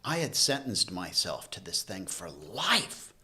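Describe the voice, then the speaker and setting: A man's voice: low-pitched, very animated, a little slow, pushed and bright. A man who is a podcast guest, telling a personal story in casual conversation and acting out his own past lines.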